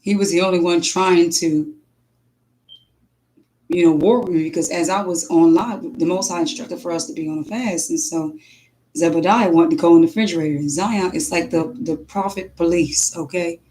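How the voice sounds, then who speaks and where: A woman's voice: fairly low pitch, moderate pace, a little hiss or hum, low-quality recording. Emphatic woman preaching and telling stories. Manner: emphatic, lively storytelling with scripture. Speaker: preacher and livestream host. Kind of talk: scripture reading and casual testimony.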